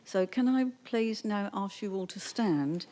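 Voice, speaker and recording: A woman's voice: mid-range voice, lively intonation, a little slow, mellow, slight background noise. A woman chairing a council meeting, formal and courteous.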